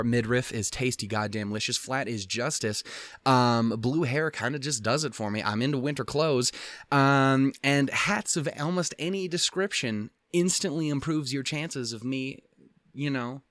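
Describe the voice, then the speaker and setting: A man's voice: medium pitch, fairly bright tone, dry recording, clean studio sound. A young man hosting a let's play, reading a visual novel aloud with casual, profane, rambling and self-mocking asides. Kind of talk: casual gameplay commentary with read-aloud dialogue.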